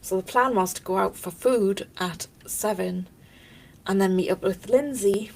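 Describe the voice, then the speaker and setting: A woman's voice: medium pitch, a little slow, gravelly, darkish tone, rough recording. A woman talking casually to camera in a chatty, rambling way, drifting off topic and laughing often. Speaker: vlogger.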